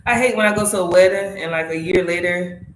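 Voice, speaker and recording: A woman's voice: fairly low pitch, a little fast, a little hiss or hum. A woman from South Carolina, telling an emotional story in casual, profane vlog chat at home. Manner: animated, emotional storytelling with frequent swearing. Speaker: motorcycle vlogger. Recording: echoey room.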